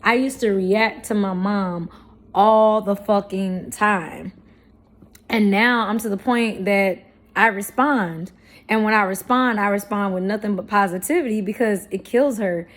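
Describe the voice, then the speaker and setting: A woman's voice: medium pitch, unhurried. A woman from St. Louis talking straight to camera in a casual storytime vlog, blunt and slangy with heavy swearing, laughing now and then as she makes her points. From St. Louis, Missouri, USA. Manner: animated, laughs between points. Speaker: vlogger.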